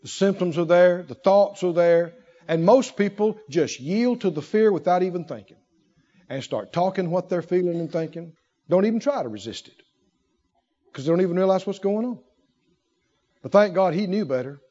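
A man preaching a sermon in an animated way, firing rhetorical questions and breaking into laughter. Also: sits high, normal speed. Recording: dull lo-fi recording.

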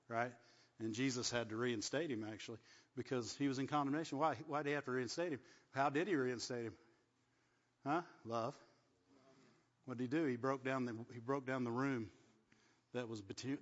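A man's voice: medium pitch, fairly even intonation, brisk. A man preaching a sermon, often repeating words and asking the congregation "right?". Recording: dull sound, long hall echo.

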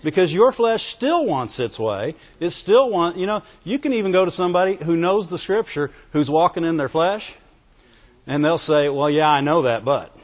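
This man's voice is high and animated, moving at a normal speed as he delivers a chatty sermon full of laughter and requests for amens. He's a pastor, and the lo-fi recording sounds muffled with the reverb of a large hall.

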